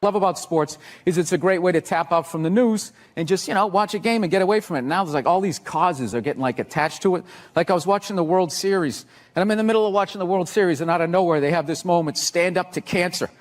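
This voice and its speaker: A man doing a stand-up comedy routine, ranting and sarcastic, swearing and shouting his punchlines on a live stage. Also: high-pitched, fast talker.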